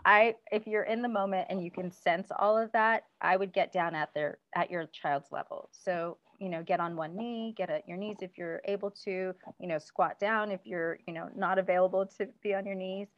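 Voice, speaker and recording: A woman appears as a parenting guest in a casual interview, offering practical advice peppered with lots of "um"s and "you know"s. Her voice is mid-range, her pace moderate with hardly any pauses. The recording is dull and lo-fi.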